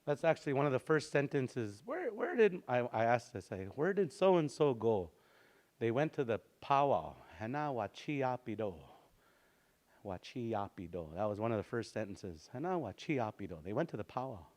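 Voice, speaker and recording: A man's voice: medium pitch, very animated, moderate pace, a little mellow. A man teaching a language class, patiently repeating words for his students.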